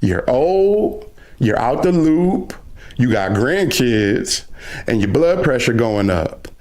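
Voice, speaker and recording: A middle-aged man, a gaming streamer, delivering a loud, aggressive trash-talking rant on a live reaction stream. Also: mid-range voice, big pitch swings, slow. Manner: loud, aggressive trash talk, calls the other player "son".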